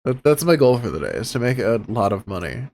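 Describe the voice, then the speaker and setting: Male player, casual and animated, pitch moving widely, swears freely. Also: fairly quick. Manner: lively, swearing, laughing easily. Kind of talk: casual chat in a tabletop game.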